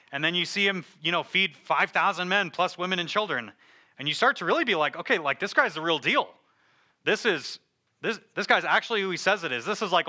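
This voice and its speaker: A man's voice: fairly high pitch, pushed and bright. A man preaching a casual, conversational sermon, full of fillers and joking asides.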